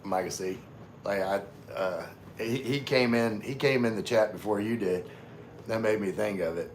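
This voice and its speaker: Man, lower pitch, livestream host, halting and filler-heavy, relaxed viewer chat. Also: slight background noise. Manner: halting, full of fillers and restarts. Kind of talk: casual live chat with viewers.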